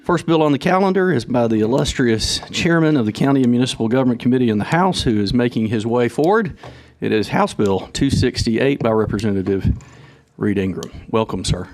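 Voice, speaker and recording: A man chairing a legislative committee meeting, brisk and courteous with a light joking touch. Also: mid-range voice, lively intonation, a little mellow. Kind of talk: formal committee proceedings.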